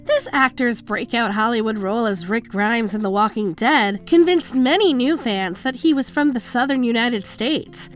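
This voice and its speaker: Lively, high-voiced woman narrator. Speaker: countdown narrator. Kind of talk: scripted voice-over narration. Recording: faint music bed under the voice.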